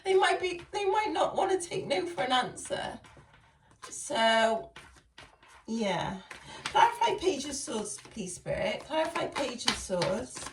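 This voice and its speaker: A woman's voice: sits high, sing-song, takes it slowly, a little hiss or hum. A woman doing a casual tarot reading, chatty and laughing often as she talks to her viewers. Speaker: tarot reader. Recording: echoey room, far from mic.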